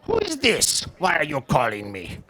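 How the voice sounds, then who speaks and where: A man's voice: on the high side, huge pitch swings, normal speed, sharp tone, exaggerated voice. A man putting on the voice of a suspicious old German man with a thick German accent, answering the phone. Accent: put-on thick German. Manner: gruff, demanding.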